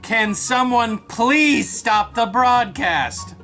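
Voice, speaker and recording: A man playing an impatient, exasperated straight man who talks curtly and deadpan. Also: extremely high pitch, over music, heavily acted. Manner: curt, deadpan, hurried.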